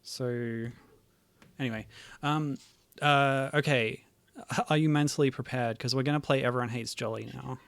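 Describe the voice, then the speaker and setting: A man's voice: medium pitch, fairly even intonation, moderate pace, gravelly, a bit bright, clear, resonant tone, no room sound. A man streaming games, chatting casually, thinking aloud and laughing often. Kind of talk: casual livestream chat.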